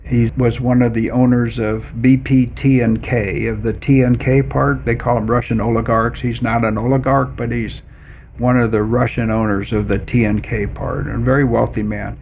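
A gravelly-voiced older man from Oklahoma recounts a business story as a lively raconteur, chuckling through it. His voice comes over a thin, phone-like radio channel with a faint hiss underneath. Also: medium pitch, moderate pace. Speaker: retired executive guest. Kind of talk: anecdotal storytelling in an interview.

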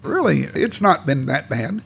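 This oral history interviewee is an Oklahoman in his 80s whose voice runs high, sing-song and creaky, a little slow, a bit bright, with a breathy edge. Reminiscing casually, he recounts his life in a plainspoken, folksy, meandering way.

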